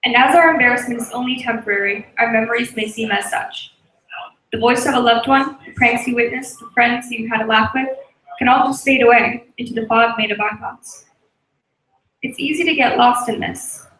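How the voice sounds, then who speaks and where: A woman reading a reflective prose poem aloud in an earnest, measured way. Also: on the high side, steady tone, a bit bright. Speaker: spoken word performer. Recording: echoey room.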